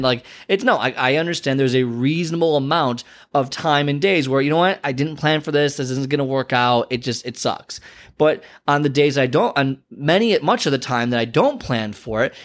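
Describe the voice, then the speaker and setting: A man's voice: medium pitch, fairly bright tone. A man who works as a fitness trainer and coach, giving an earnest motivational talk full of emphatic repetition.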